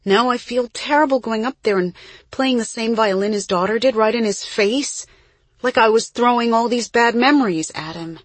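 A woman's voice: a little high, normal speed, dry recording, voice pushed up, natural voice. A woman voicing an earnest, sensitive young girl who plays violin, speaking eagerly and emotionally. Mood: distressed.

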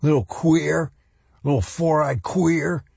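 A man's voice: fairly high pitch, steady tone, slow pace, gravelly, a little mellow, slightly rough, no echo, voice pushed up, full character voice. A man voicing a cruel, taunting teenage schoolyard bully. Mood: sneering.

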